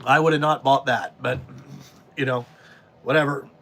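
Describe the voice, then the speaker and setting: A man's voice: medium pitch, steady tone, moderate pace, a bit bright, a little hiss or hum. A middle-aged man, ranting bluntly and profanely in casual podcast talk about his trucking trade. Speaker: podcast host, trucking business owner.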